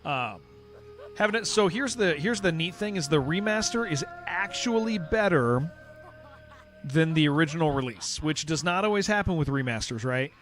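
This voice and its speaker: Expressive and fairly bright-toned, a young man with a fairly high voice chats at a moderate pace during a game stream. He's a San Diego native with a Californian accent who rambles, restarts sentences, and says "dude" a lot, over faint background music.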